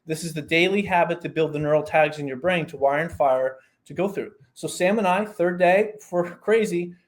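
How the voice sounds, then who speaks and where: The guest, a performance coach, tells a story in easygoing podcast conversation, his voice lively and swinging up and down. It's a touch high-pitched for a man, and quick asides break up what he's explaining.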